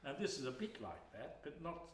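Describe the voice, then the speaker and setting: A man's voice: on the high side, very animated, fairly quick, slight background noise. A man, a folk singer and storyteller, spinning humorous, rambling yarns between songs on a live stage. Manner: rambling, humorous, chatty with fillers. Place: live music hall. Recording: roomy live hall with accordion.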